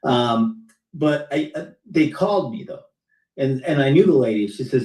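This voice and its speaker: A man's voice: medium pitch, expressive, moderate pace, a little mellow. Male guest, blunt and candid storyteller, video call audio with room echo. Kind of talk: casual chat on a video call. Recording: roomy sound, distant from the mic.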